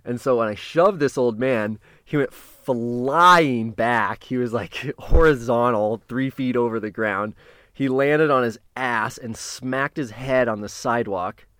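A man recounts a story in a loose, casual way, cursing freely and tripping over his own restarts. He speaks at an everyday middle pitch and now and then jumps to a louder burst. The recording is dry, with no room sound. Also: dry recording. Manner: profane, halting, with restarts and sudden loud bursts.

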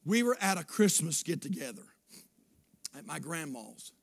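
A man in his fifties preaching a sermon, moving between shouted declarations and quiet, hushed storytelling. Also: fairly high pitch, very animated, moderate pace, creaky. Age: 50s.

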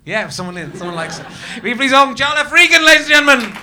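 A man's voice: very high-pitched, very animated, rapid-fire, background noise. A man hosting a comedy show, bantering playfully with the crowd as he introduces the next act. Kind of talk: introducing acts to a live audience. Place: comedy club stage. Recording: live room with loud crowd.

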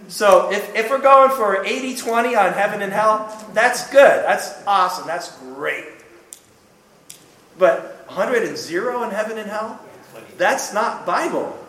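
A high-pitched man preaches in an emphatic, punchy way and tosses in joking asides. His voice rings around an echoey church room. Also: lively intonation, measured pace, fairly bright tone. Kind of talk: sermon.

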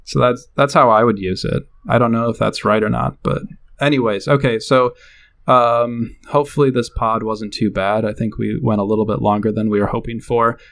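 A man's voice: medium pitch, steady tone, moderate pace, creaky, fairly bright tone. A man co-hosting a casual podcast, hesitant and filling his talk with likes and ums. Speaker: podcast co-host.

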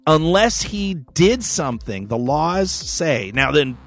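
Profane, rambling man with a slightly high voice. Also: very animated, slow, creaky, fairly bright tone, soft background music. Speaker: podcast host. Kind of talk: casual storytelling chat.

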